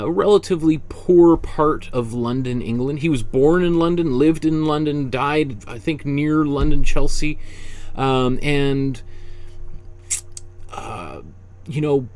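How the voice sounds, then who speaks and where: A man teaching an online painting class in a casual, rambling way, often correcting himself and filling pauses. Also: medium pitch, darkish tone. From Canada. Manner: rambling, self-correcting, chatty with frequent fillers. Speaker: art instructor.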